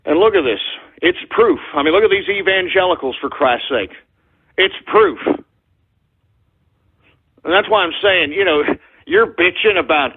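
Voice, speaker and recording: A man's voice: high voice, lively intonation, normal speed, pauses often, slightly rough. A man hosting a political talk radio show, ranting angrily and hurling insults at his listeners' opponents. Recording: tinny phone-like audio.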